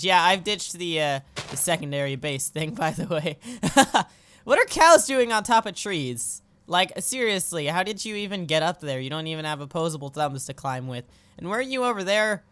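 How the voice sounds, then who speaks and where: A young adult let's play host giving goofy, excitable commentary over gameplay, often breaking into squeals. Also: medium pitch, no room sound.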